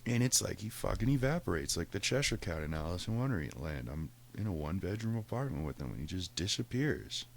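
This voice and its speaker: A podcast host telling a casual, profane story, animated and laughing often. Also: male voice, low voice, brisk, creaky, few pauses, slight background noise.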